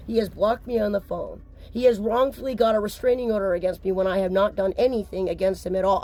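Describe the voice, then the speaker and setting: A woman's voice: mid-range voice, a little mellow. Upset woman pleading her case. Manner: upset, insistent, blunt with occasional swearing. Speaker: mother speaking out. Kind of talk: emotional personal vlog.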